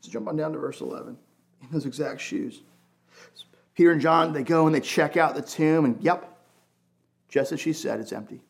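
A man's voice: fairly high pitch, moderate pace, gravelly, long pauses. A male pastor preaching in a conversational, emphatic way, full of casual asides. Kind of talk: sermon.

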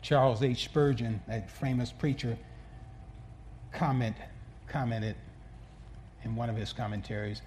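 A male pastor preaching a sermon in an earnest way, often restarting words and swinging between soft asides and emphatic peaks. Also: mid-range voice, steady tone, a little slow, long pauses.

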